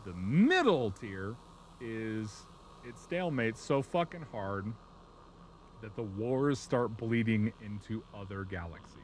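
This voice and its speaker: A man chatting casually on a live stream, telling a story in a profane, rambling, animated way. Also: lowish voice, slow pace, a little hiss or hum.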